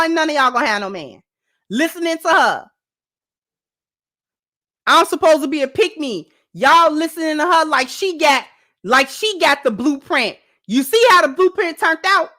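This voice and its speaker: A woman's voice: very high-pitched, lively intonation, normal speed, pushed and bright. A woman host giving sassy, emphatic reaction commentary on a dating clip and talking straight to her viewers.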